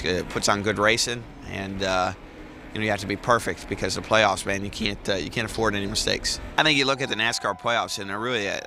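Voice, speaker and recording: A man, a racing driver, giving casual interview answers with halting speech and frequent fillers. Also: on the low side, sharp tone, a little hiss or hum. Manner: halting, many fillers and restarts.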